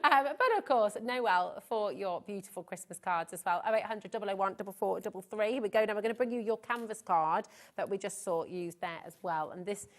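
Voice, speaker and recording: Brief: woman, TV shopping presenter, gushing and upbeat, mid-pitched voice. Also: brisk, few pauses. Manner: gushing, enthusiastic sales patter. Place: TV studio.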